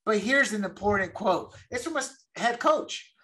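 A man's voice: high voice, lively intonation, moderate pace, pushed and bright. A man co-hosting a podcast, chatting casually and emphatically about football and repeating words as he goes. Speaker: podcast co-host. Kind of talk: casual sports chat.

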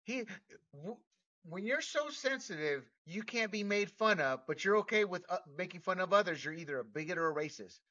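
A man's voice: high voice, lively intonation, fairly quick, pushed and bright, distant mic, lo-fi sound. A man hosting a talk show, giving blunt opinionated commentary with laughs and restarts. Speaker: podcast host.

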